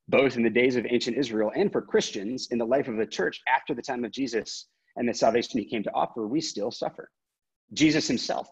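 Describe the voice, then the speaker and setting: A man speaking as a pastor on a video call, earnest and halting, with many fillers, reading scripture aloud. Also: lowish voice, a little mellow, slightly rough. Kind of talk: interfaith panel talk on video call. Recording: dull lo-fi video call audio.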